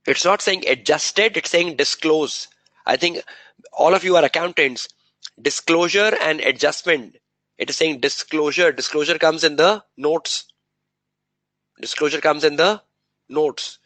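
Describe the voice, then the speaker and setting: A man's voice: on the high side, measured pace, fairly bright tone, dry recording, rough recording. A man giving a live exam revision lecture, quizzing students with rhetorical questions and repeating key words for emphasis.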